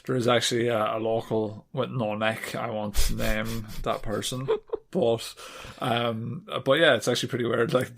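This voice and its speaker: A man with a gravelly, mid-pitched voice co-hosts a casual podcast. He tells a story between jokey asides and laughs often. His voice has a rough fry to it. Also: fairly bright tone. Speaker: podcast co-host.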